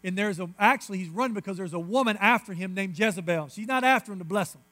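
Male pastor preaching, high voice, emphatic and repetitive, ranging from loud to hushed. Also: fast talker. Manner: emphatic preaching, swinging between loud declarations and hushed, intimate asides; repetitive, insistent phrasing. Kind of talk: sermon.

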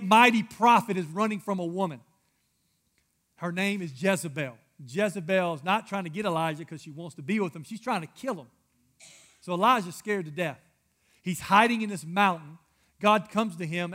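A man preaching a sermon as pastor, swinging from loud, emphatic lines to hushed, soft ones and repeating words for emphasis. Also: a little high.

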